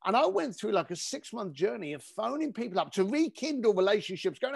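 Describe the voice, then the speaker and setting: A man telling an emphatic story as a podcast guest, animated and casually swearing. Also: sits high, fairly quick, gravelly, few pauses, breathy edge, no echo, studio quality. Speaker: podcast guest, speaker and coach.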